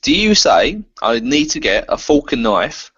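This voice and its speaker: A man's voice: mid-range voice, sing-song, unhurried, a bit bright. A man in a casual stream chat, chipping in with questions for the others. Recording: slightly muffled stream audio.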